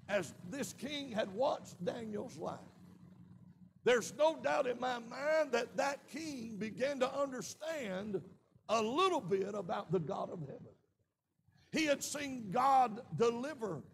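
A man with a Southern American accent preaching a sermon in a church, with shouted peaks and frequent amens. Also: extremely high pitch, gravelly, a little hiss or hum. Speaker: pastor. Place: church sanctuary.

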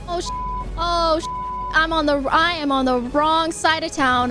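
A young woman streaming a video game live, excitable and goofy, often shrieking and joking. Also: sits high, moderate pace. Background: loud video game music.

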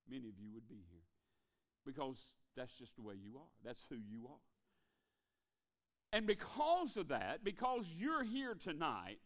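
A man preaching a revival sermon in a church, folksy, calling for amens and dropping to a hush to stress a point. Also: on the high side. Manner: folksy, calls for amens, drops to a hush for emphasis.

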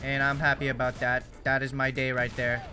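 A man's voice: medium pitch, level tone, fairly quick, pushed and bright, soft background music. A young man, rambling and joking through casual gameplay commentary. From Canada. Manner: rambling, jokey, self-deprecating. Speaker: gaming YouTuber.

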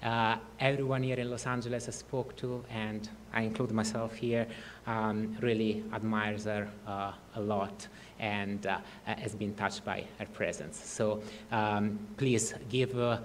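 A man's voice: lowish voice, little pitch movement, measured pace, slight background noise. A man giving a formal podium introduction at a cultural event, full of hesitant fillers. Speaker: cultural institute director. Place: event hall. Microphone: podium microphone.

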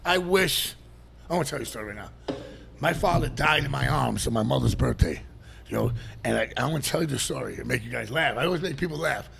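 A middle-aged man, a podcast guest telling stories in a loud, animated way and swearing freely. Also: mid-range voice, fast, slight background noise. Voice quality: gravelly, animated, swears a lot and shouts during stories. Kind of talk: casual storytelling.

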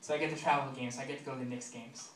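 A young man in his twenties doing a stand-up set, talking fast and loose, with lots of fillers and asides to the crowd. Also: mid-range voice, steady tone. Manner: chatty, filler-heavy delivery with quick asides to the crowd. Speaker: stand-up comedian. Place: comedy club stage. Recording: roomy club sound, mic far, noisy.

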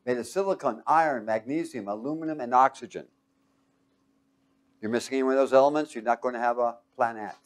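Man quizzing his audience in a lively talk. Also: mid-range voice, fast talker. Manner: quizzes the audience with fill-in questions; lively and emphatic, swinging from loud to hushed. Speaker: speaker teaching a live audience.

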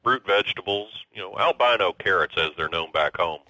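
Man doing eccentric gardener caller, deep, rambling, bit distant, odd timbre. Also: fairly quick, bright, forceful tone, no room sound. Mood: obsessive. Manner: rambling, obsessive.

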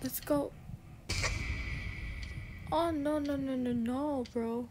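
A young woman chats excitedly while she plays a game, her voice sitting high. She swears freely and drops to a whisper when she gets scared. Steady hiss and noise run under her mic. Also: slow pace. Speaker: gamer. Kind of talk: casual gameplay commentary.

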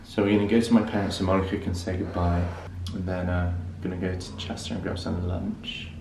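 A young man vlogging casually with his girlfriend, animated and upbeat, laughing often. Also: low voice, a little fast. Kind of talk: casual couple vlog. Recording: roomy with clear background noise and traffic.

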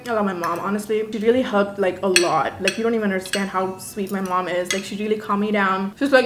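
A young woman vlogger telling a storytime rant, animated and profane, dramatizing every detail. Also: medium pitch, fast, few pauses, roomy sound.

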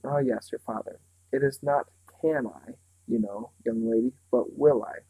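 A smooth, menacing villain from a storybook, as a man reading aloud puts him on, talking down to children in a bland, patronizing way. His voice is gravelly and a little husky, and it sounds close and dry. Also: mid-range voice, warm tone, no room sound, rough recording. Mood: condescending. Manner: bland, condescending, slow and patronizing.

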